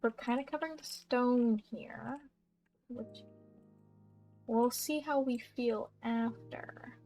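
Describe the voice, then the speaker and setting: A woman's voice: a little high, fairly even intonation, slow pace, a little mellow, soft background music. Bubbly young woman chatting over gameplay. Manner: chatty and bubbly, giggles and trails off. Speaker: gaming YouTuber. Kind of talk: casual gameplay commentary. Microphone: desk mic with audible keyboard.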